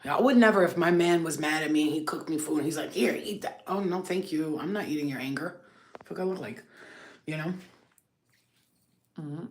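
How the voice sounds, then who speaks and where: A woman's voice: sits low, fairly quick, pauses often, a little hiss or hum. Woman, spiritual healing host, casual rant to camera, blunt, swears a lot, rambling, full of fillers. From Albanian background.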